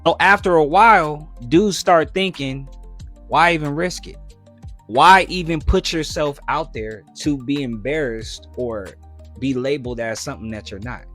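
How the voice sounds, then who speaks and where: A man giving social commentary in a measured, explanatory way. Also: a little high, a bit bright, soft background music.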